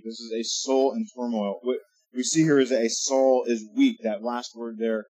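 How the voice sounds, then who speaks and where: Male pastor, husky voice, conversational preaching, dry close mic with faint music under. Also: medium pitch, fairly even intonation, normal speed, darkish tone, no room sound, low-quality recording. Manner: conversational preaching, rising to emphatic reading. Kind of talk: sermon.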